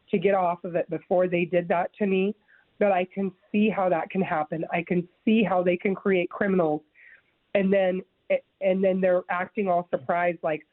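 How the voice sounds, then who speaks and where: A woman's voice: lowish voice, no echo. A woman giving an interview about her own experience, speaking earnestly and with emphasis, often restarting her words. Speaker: guest sharing her story. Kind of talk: interview, personal testimony. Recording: dry, phone-like narrow sound.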